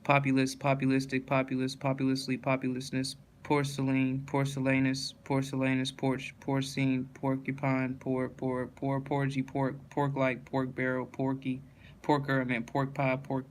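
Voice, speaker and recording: A man reading dictionary entries aloud one after another in a flat, steady monotone, now and then stumbling and correcting himself. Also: medium pitch, moderate pace, a little hiss or hum.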